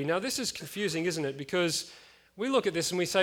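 Chatty man preaching, higher voice. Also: animated, a little fast, few pauses, a bit bright. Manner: casual, chatty, with frequent fillers and asides. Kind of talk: conversational sermon.

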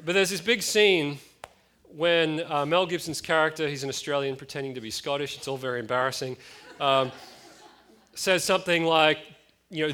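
A man's voice: fairly high pitch, moderate pace, pushed and bright. A man in his late thirties preaching a conversational sermon, with frequent fillers and chatty asides.

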